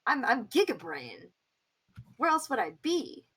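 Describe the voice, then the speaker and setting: A boastful, eager bard, played by a woman, bragging about his talents and hungry for power. His husky voice swoops high and low, and he trips over his words. The voicing is in a tabletop game. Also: huge pitch swings, unhurried, a bit bright, heavily acted. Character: boastful hornless male tiefling bard, a villain's eager minion. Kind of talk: tabletop role-play voicing.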